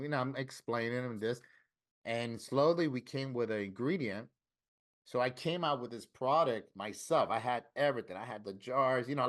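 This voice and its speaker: Middle-aged man from Florida, mid-pitched voice, tattoo-artist guest, spins stories in a relaxed way and voices the people he quotes. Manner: lively storyteller who acts out quoted dialogue. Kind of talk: casual storytelling interview.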